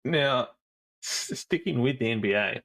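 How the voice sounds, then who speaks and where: A man's voice: medium pitch, expressive, measured pace, fairly bright tone. A man co-hosting a podcast in casual chat, easygoing and explaining at length. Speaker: podcast co-host.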